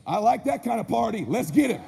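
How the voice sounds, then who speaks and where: A burly, rowdy neighbor dad bellows boisterously, put on by a man telling a story. The voice jumps high when he yells. It rings in an echoey hall. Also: very animated, a little fast, creaky, full character voice. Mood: gruff. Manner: hollering, boisterous. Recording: echoey hall with faint noise.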